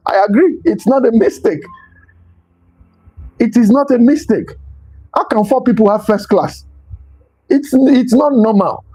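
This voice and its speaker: A man's voice: sits high, warm tone, husky, low-quality recording. A man giving a motivational talk as host, stressing points by repeating them. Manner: emphatic, repeats key phrases.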